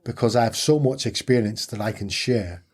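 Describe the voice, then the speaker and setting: A man's voice: mid-range voice, moderate pace, a little mellow, breathy edge. A middle-aged man, telling his story candidly and earnestly as an interview guest, repeating phrases for emphasis.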